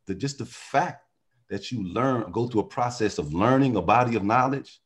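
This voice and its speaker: A man's voice: medium pitch, normal speed, breathy edge. A man talking as a podcast guest in casual conversation, riffing animatedly and philosophically on word origins.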